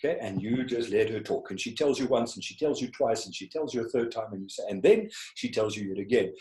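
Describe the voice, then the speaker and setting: A man's voice: medium pitch, lively intonation, fast talker, dark tone, slight background noise. Guy running a zoom class, keeps asking does that make sense, roomy echo on the call. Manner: checks in often with rhetorical questions. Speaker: communication skills trainer. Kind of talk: teaching an online class. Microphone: video call. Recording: echoey room over a video call.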